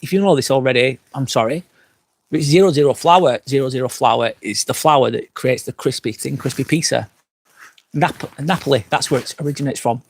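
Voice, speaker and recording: A man's voice: mid-range voice, brisk, gravelly. Tipsy, foul-mouthed man ranting casually. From England. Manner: rambling and profane, reads out viewer comments. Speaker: vlogger hosting a live stream. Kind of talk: casual live-stream chat. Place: outdoors by a fire pit at a glamping site.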